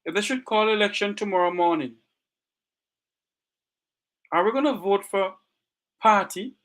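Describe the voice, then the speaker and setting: A man's voice: high voice, unhurried, a bit bright. A Jamaican man hosting a talk show, speaking with passion and asking rhetorical questions, close to tears. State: near tears. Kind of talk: emotional talk show monologue.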